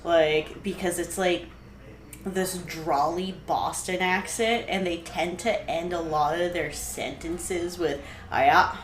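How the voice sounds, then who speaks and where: A young woman co-hosts a casual podcast, rambling in an animated, slangy way. Her voice sits a little low. The room echoes noticeably, with a faint hiss underneath. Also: takes it slowly. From New England. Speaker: podcast co-host. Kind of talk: casual chat.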